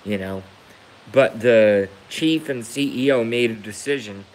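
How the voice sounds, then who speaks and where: A man's voice: lowish voice, measured pace, low-quality recording. A man ranting on a live stream, emotional and emphatic, repeating his points to hammer them home. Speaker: livestreamer.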